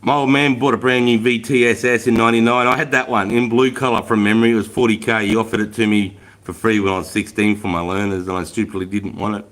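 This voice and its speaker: On the low side and a bit bright, this Aussie livestream host talks fast and flat with few pauses. In his forties, he swears freely, spins blunt slangy stories, and reads out viewer comments.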